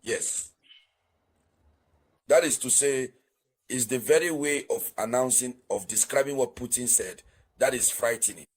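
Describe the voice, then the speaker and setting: Husky man giving emphatic news commentary. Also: mid-range voice, a little slow, pauses often, low-quality recording. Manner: emphatic, repeats key phrases, urges viewers to share. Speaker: host of a news commentary channel. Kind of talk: political news commentary monologue.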